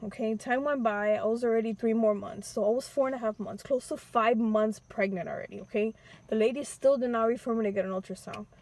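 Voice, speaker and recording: A young woman casually telling a personal story with slang, sometimes re-enacting pleas in a high, teary voice. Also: fairly even intonation, brisk, darkish tone.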